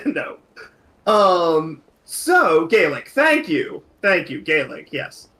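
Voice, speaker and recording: A man from New England with a general American accent, chatting casually as a streamer, rambling and correcting himself often, quick to laugh. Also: high-pitched, very animated, a bit bright. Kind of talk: casual chat while gaming. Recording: roomy echo with game music.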